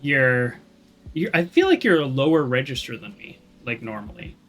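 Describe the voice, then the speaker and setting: Bright-voiced man chatting through a game. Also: mid-range voice, sing-song, moderate pace. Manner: chatty, self-deprecating, thinks aloud with fillers and restarts. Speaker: gaming streamer. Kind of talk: casual let's-play commentary.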